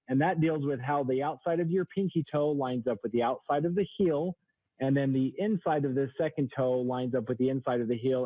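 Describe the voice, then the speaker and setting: A man in his thirties, a sales trainer, explaining products as a guest on a radio show. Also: no echo. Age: 30s. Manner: explanatory, product-pitch delivery. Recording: tinny phone line, dry.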